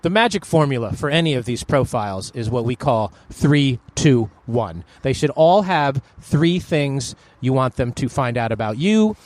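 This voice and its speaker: A man hosting a podcast, chatting in a joking, animated way. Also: mid-range voice, moderate pace, few pauses. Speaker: podcast host. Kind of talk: casual chat.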